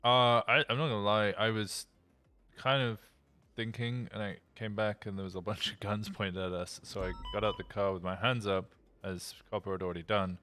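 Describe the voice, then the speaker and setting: A man with a lowish, bright, forceful voice talks in a flat monotone, casual and unhurried, like a cop chatting with a colleague. Faint music plays underneath. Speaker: roleplay police officer Winston. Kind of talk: casual in-character roleplay chat.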